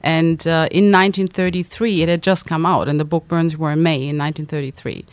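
A woman's voice: low voice, steady tone, brisk, no room sound. A woman novelist from Germany, talking about her book in an interview, with many fillers and restarts. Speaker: novelist guest. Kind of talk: casual interview talk.

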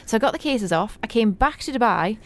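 A woman presenting on a radio show, telling animated, laughing anecdotes in a chatty way in a studio. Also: on the high side, fast talker, a little hiss or hum. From Britain.

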